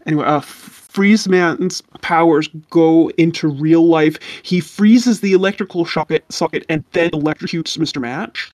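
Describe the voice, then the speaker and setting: A woman's voice: low voice, normal speed, darkish tone, dry recording, studio quality. A young woman co-hosting a casual podcast, describing anime scenes earnestly and with feeling. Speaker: podcast co-host. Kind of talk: casual anime recap chat.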